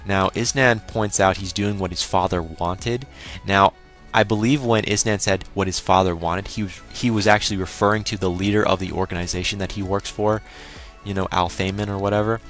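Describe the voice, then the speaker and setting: Low-voiced man recapping an anime episode. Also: steady tone, brisk, a bit bright, faint music behind. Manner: crude, exclaiming, mock-quoting himself. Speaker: anime reviewer.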